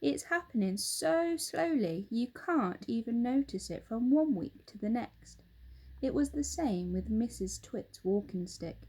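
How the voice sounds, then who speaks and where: A woman teacher reading a children's story aloud, expressive and speaking directly to young listeners. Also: a little high, unhurried, slightly rough.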